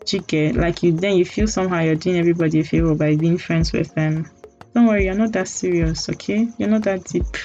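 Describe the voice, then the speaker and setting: Teasing Nigerian woman, low voice. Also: steady tone, fairly quick, warm tone. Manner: candid and teasing, mock apologies and laughing asides. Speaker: podcast host. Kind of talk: casual solo podcast monologue. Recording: dull lo-fi audio with faint music.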